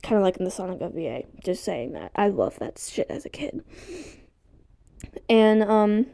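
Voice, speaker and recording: Excitable woman with a bouncy, lively voice. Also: mid-range voice, normal speed, creaky. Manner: excitable, easily sidetracked, swears casually. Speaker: vlogger. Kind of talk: casual rambling commentary.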